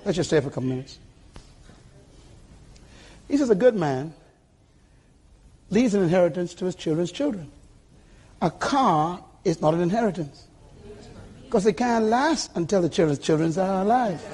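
An older man preaching a sermon to a church congregation with a husky voice, emphatic and calling for responses. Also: high voice, animated, normal speed, pauses often, darkish tone. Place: church sanctuary.

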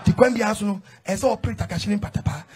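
A man preaching emphatically in a sing-song cadence, often shouting as a reader answers him. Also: high voice, very fast. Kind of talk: preaching with call-and-response.

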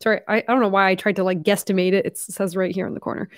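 A woman's voice: medium pitch, steady tone, rapid-fire, dry recording, studio quality. Chatty young woman streaming, tiring voice. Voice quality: chatty, lots of "like", casual swearing. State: voice tiring from long talking. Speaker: live streamer. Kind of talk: casual live stream chat.

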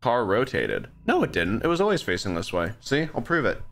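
A young man live-streams a horror game, chatting casually in a rambling, animated way. His brisk, gravelly voice jumps up high whenever he gets startled, and faint music plays behind him.

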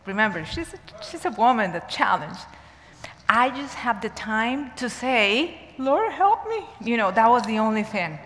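A woman's voice: fairly high pitch, lively intonation, a bit bright, a little hiss or hum. Earnest woman preaching in reverberant church. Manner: earnest, emphatic storyteller, pace shifting between rushed and slow. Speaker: church speaker. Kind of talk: sermon with personal storytelling. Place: church sanctuary. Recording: long church hall reverb.

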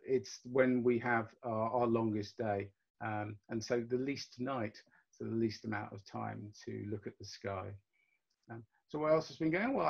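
A man gives a relaxed, explanatory club presentation over a video call, with many ums and uhs. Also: medium pitch. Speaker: astronomy club meeting presenter. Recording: dull lo-fi video call audio.

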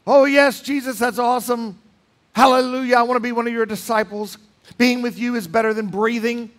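A man's voice: extremely high pitch, steady tone, fairly quick, voice pushed up. A preacher voicing an overeager young man who gushes with breathless enthusiasm. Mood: giddy. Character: gushing overeager young man, giddy and devout.

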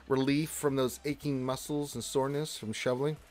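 A man's voice: medium pitch, level tone, a little fast, a little mellow. Joking man hosting a gaming livestream. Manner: loose and joking, greets viewers by name, many fillers. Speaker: livestream host. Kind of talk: casual livestream chat, reading chat aloud.

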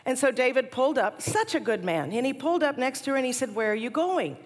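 Woman in her forties, chapel speaker with lively storytelling; long reverb from a big hall. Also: high voice, fast talker. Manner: animated storyteller, laughs at herself.

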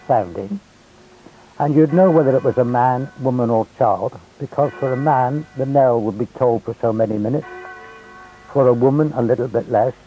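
Elderly man with a very mellow husky voice. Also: medium pitch, low-quality recording. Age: older. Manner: chatty, wry anecdotes. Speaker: narrator. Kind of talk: storytelling reminiscence.

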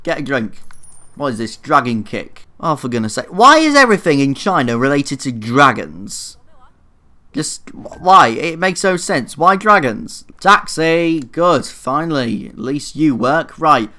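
A man's voice: fairly high pitch, big pitch swings, a little slow, pushed and bright. A young man commenting casually on his own gameplay, flustered, swearing a lot and mocking himself. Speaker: gaming YouTuber. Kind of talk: casual let's play commentary.

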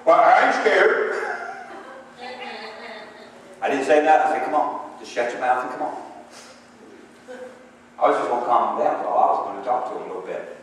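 A man's voice: medium pitch, fast, pauses often, a little hiss or hum. A man preaching a sermon, moving between emphatic calls for response and conversational storytelling. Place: church sanctuary. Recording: echoey hall from far off.

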